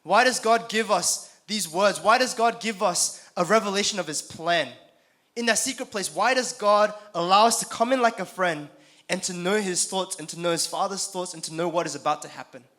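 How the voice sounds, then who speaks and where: Bright, chatty young male preacher. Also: high voice, moderate pace. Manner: conversational, asks the audience questions, repeats phrases. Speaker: youth conference speaker. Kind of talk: casual youth sermon. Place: conference hall.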